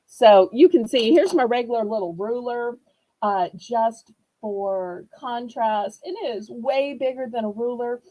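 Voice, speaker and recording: A woman's voice: a little high, a little slow, warm tone, low-quality recording. A woman with a Southern accent hosting a live online auction, chatty and upbeat as she shows items. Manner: chatty, upbeat, playfully sings prices. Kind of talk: live home shopping sale.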